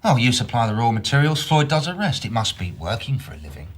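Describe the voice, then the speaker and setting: A man's voice: mid-range voice, very animated, fast talker. An actor playing a male police detective who questions a suspect with sardonic, probing remarks.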